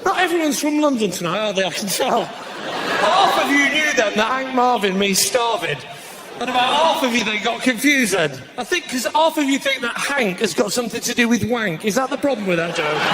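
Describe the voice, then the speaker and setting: A man doing live stand-up comedy, cheeky and brisk, bursting into shouted punchlines. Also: extremely high pitch, expressive, noisy background. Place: live comedy stage before an audience.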